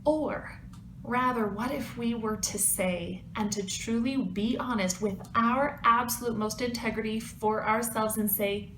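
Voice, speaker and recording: Animated woman vlogger in an echoey room. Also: a little high, measured pace, background noise. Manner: animated, emphatic storytelling. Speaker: fitness vlogger. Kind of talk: casual storytelling to camera.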